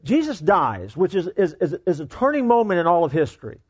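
A male pastor with a notably high speaking voice delivers a sermon in a church service. He talks with emphasis and often repeats words as he builds toward a point. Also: huge pitch swings, a little fast, breathy edge. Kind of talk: sermon with prayer.

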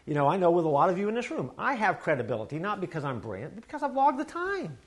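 Guy preaching at church, fairly high voice, chatty and animated, jokes on the side. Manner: folksy, animated preaching with quick asides and acted quotes. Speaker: pastor. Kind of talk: sermon.

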